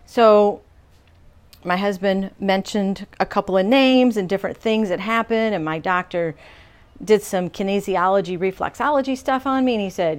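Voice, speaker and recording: A middle-aged woman tells a personal testimony in a relaxed, conversational voice. She speaks earnestly at a medium pitch and slips into the voices of the people in her story as she goes. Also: measured pace.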